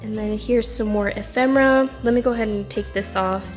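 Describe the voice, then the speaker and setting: A woman's voice: medium pitch, fairly even intonation, brisk, soft background music. A woman casually chatting through a craft journal flip-through, bubbly and often laughing as she tells a little story. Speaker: craft video creator.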